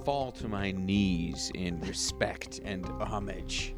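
A man playing a tabletop game, acting out his character with slow, theatrical groveling. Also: on the low side, creaky, music in the background. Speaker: player.

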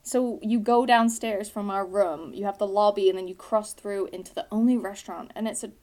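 A woman's voice: mid-range voice, a little fast. A British woman co-hosting a podcast, telling rambling stories in casual chat and swearing freely. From Britain. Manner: animated, swearing storyteller. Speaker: podcast co-host.

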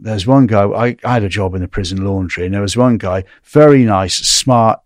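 A man tells stories from his time inside, meandering from one anecdote to the next and checking in with his listener. His voice sits on the low side. The sound is dry and close, with no room around it. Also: a little mellow, no room sound. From England. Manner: rambling anecdotal, tag questions like "right?". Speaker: guest recounting prison time. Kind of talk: casual storytelling interview.

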